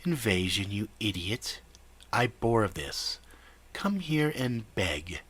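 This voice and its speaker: A man's voice: on the low side, very animated, fairly bright tone, breathy edge, no echo, heavily acted. A man voicing a slender, sinister villain who talks down to others in a nasal, whiny, menacing voice. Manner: menacing, condescending, slow.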